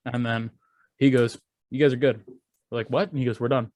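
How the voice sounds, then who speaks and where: Animated, swearing young man telling a story. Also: medium pitch, fairly quick, no echo. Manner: animated, profane, acts out quoted voices. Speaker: podcast co-host. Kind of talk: casual storytelling chat.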